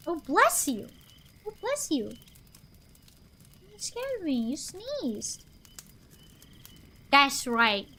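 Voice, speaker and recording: High-voiced woman streamer reading slowly. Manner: slow, animated storytelling with chatty asides. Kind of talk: reading a picture book aloud on stream.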